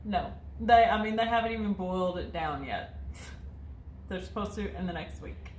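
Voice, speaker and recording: A woman's voice: medium pitch, moderate pace, a little mellow, roomy sound, a little hiss or hum. A woman in her twenties, co-hosting a casual chat, rambling and laughing often as she reads out viewer questions. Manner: chatty and rambling, laughs often, many fillers. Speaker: co-host reading viewer questions.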